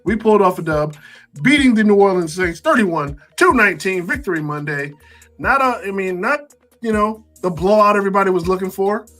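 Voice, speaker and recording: A man co-hosting a casual sports talk show, running through scores with animated, wry asides. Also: high-pitched, brisk, soft background music.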